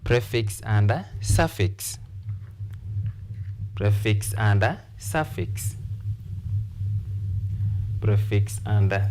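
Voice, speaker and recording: Slow, deliberate male teacher. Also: medium pitch, noisy background. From Kenya. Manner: slow, repetitive, deliberate explanation. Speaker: English teacher. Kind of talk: classroom lesson on word stress.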